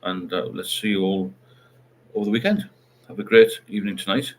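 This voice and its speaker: Low-voiced rambling man. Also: fairly even intonation, brisk, a little hiss or hum. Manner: rambling, reads out viewer comments. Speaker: livestream host. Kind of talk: casual livestream chat.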